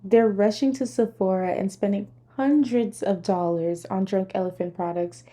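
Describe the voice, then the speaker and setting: Young adult woman, very mellow dark tone, measured critical vlog commentary. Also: medium pitch, steady tone. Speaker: commentary vlogger. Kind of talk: scripted commentary.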